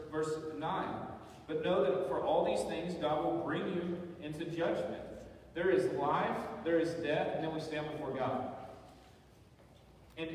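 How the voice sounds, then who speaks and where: A man's voice: fairly high pitch, darkish tone, a little hiss or hum. Male pastor preaching in an echoey hall. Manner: conversational preaching with frequent "right?" asides. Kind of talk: sermon. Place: church sanctuary. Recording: echoey church hall, voice from far off.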